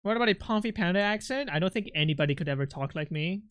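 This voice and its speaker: A man's voice: high voice, lively intonation, fast talker, a bit bright, clear, resonant tone, no echo. A male streamer who is not a native English speaker, chatting playfully with viewers, teasing and swearing freely into a close mic. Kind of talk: casual live-stream chat.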